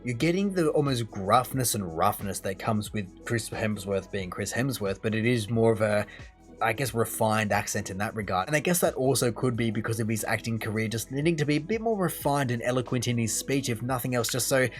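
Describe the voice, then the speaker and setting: A man's voice: medium pitch, fairly quick, soft background music. An Australian man hosting a reaction video, thinking aloud in long, rambling commentary. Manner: musing, thinks aloud in long run-on sentences. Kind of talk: casual commentary.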